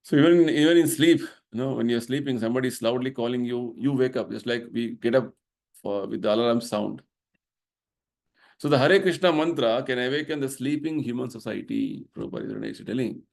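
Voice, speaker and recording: Earnest man lecturing, gravelly voice. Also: medium pitch, lively intonation, a little fast, a little mellow. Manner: earnest and explanatory, tags points with "right?". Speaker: temple vice president giving a spiritual talk. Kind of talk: devotional lecture.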